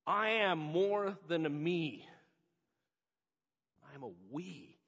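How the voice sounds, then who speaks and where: A man's voice: fairly high pitch, expressive, slow pace, fairly bright tone. A man from North America preaching a sermon as a pastor, earnest and emphatic, repeating key phrases. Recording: dull lo-fi audio with long hall reverb.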